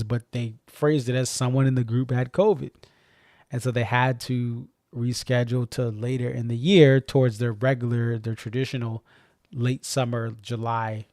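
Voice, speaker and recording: A man's voice: mid-range voice, vocal fry, a little mellow, no echo, clean studio sound. A man with a faint Boston accent, rambling and correcting himself as he hosts a casual live-stream chat. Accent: slight Boston. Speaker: stream host.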